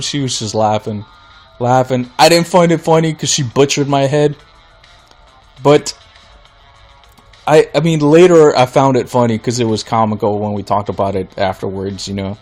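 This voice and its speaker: A man hosting his own podcast, telling a rambling, animated story with many restarts. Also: a little high. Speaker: podcast host. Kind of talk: casual solo podcast rant.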